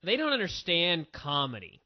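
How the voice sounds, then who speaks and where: A man hosting a wrestling review podcast, talking in an opinionated, animated way with quick asides. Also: fairly high pitch. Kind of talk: casual review chat. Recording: dull lo-fi audio.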